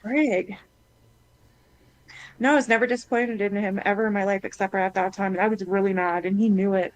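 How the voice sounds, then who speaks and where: A woman's voice: medium pitch, fairly even intonation, fairly quick, poor audio. Blunt, cursing woman in casual chat. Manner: blunt, swears freely, retells her son's words.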